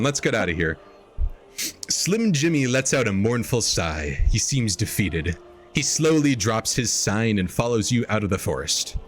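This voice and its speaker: Man reading a silly story aloud. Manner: reads quoted lines in exaggerated higher voices, laughing at the text. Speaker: podcast host reading an AI-written story. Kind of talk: comedic dramatic reading. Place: home streaming setup.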